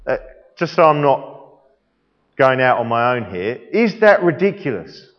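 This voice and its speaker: A man's voice: medium pitch, sing-song, a little slow. A male preacher delivering a sermon in a playful way, quizzing the congregation, recorded in an echoey church hall with a dull sound.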